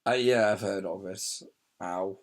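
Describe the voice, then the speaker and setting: A man's voice: low-pitched, unhurried. A man chatting casually through a film commentary from bed, rambling and laughing often. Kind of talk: casual chat. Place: lying in bed indoors.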